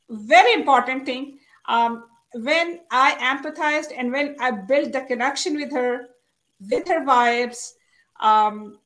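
A woman in casual conversation at an online audio event, speaking haltingly with many fillers and restarts. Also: on the high side. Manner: halting, warm-hearted, full of fillers.

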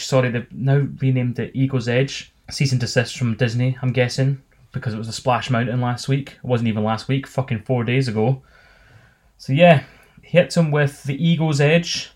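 Scottish man, casual chat, sweary, sarcastic, rambling asides. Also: medium pitch. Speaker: podcast co-host.

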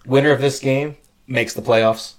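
A man's voice: mid-range voice, steady tone, normal speed. A young man co-hosting a casual sports podcast, easygoing as he offers his predictions. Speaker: podcast co-host.

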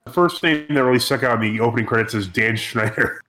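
Casting: quick-talking guy, mid pitch, rambling chatty co-host. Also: bright, forceful tone. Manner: rambling, full of "like" and "you know" fillers. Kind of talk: casual chat.

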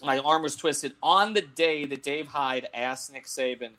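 A middle-aged man telling a long anecdote in casual talk-show chat, animated and laughing, with many restarts. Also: on the high side, measured pace. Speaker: sports columnist and show host.

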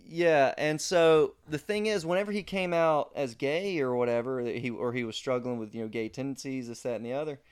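A man's voice: mid-range voice, brisk, few pauses, clean tone. A man hosting a podcast in casual chat, telling a story in an easygoing way. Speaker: podcast host.

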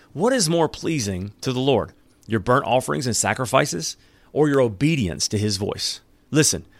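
A man's voice: medium pitch, no room sound. Man, preacher, sermon with scripture reading, earnest, emphatic, dry sound. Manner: earnest, emphatic, with dramatic pauses. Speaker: pastor.

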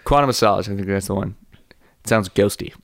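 A man's voice: on the low side, quick pace, gravelly, no echo, studio quality. A man co-hosting a casual comedy podcast, rambling and joking, laughing often. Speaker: podcast co-host.

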